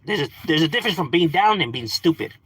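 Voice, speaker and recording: A man's voice: on the high side, lively intonation, fast talker, a bit bright, slightly rough, dry recording, low-quality recording. A man streaming live, talking in a laid-back, slangy way and chatting to his viewers. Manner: laid-back slangy talk with frequent "like" and "bro". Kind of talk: casual live-stream chat.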